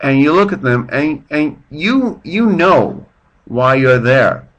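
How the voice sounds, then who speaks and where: A man's voice: mid-range voice, lively intonation, takes it slowly, a bit bright, muffled recording. A man hosting his own podcast off the cuff, rambling and self-deprecating, telling a joke with little voices for its characters. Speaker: podcast host. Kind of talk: off-the-cuff casual monologue. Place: at home, drinking beer while his partner sleeps.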